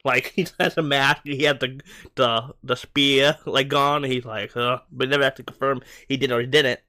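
A man co-hosting a casual movie podcast. His voice sits in an ordinary middle pitch. He rambles and restarts, and keeps slipping into excited bursts. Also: moderate pace. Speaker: podcast co-host. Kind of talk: casual movie-review chat.

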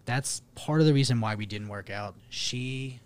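A young man, co-hosting a podcast and telling dating stories in a casual, profane, animated way. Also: medium pitch, moderate pace. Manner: profane, animated, laughing storyteller. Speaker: podcast co-host. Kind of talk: casual storytelling.

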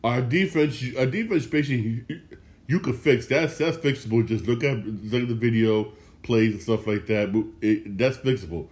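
A man in the middle of a fired-up football rant, his voice sitting at an ordinary middle pitch. He circles back over the same points again and again and swears freely. It sounds like a frustrated fan hosting his own sports podcast. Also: moderate pace, darkish tone. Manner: heated, frustrated, repeats himself a lot; profane.

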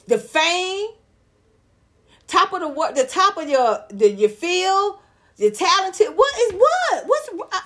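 A woman, hosting a casual live-stream gossip chat, loud, blunt and profane, laughing often. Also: sits high. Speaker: celebrity gossip vlogger.

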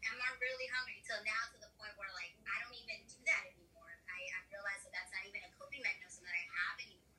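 A woman's voice: medium pitch, steady tone, fast, hardly any pauses, bright, forceful tone, echoey room. A young woman from the United States, chatting candidly and giving herself pep talks in quoted asides. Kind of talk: casual chat. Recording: slightly distant mic with faint noise.

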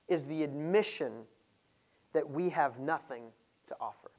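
A man preaching a sermon, moving from low, measured reading to loud, emphatic stretches.

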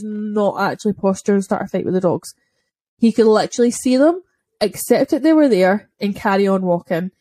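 A young Scottish woman, a dog trainer, chatting casually on a podcast and telling lively stories, acting out quick voices and swearing freely. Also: mid-range voice, no room sound. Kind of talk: casual chat.

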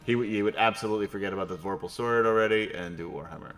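A young man running a tabletop game as game master, talking quickly and joking with laughs. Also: lowish voice, a bit bright, faint music behind.

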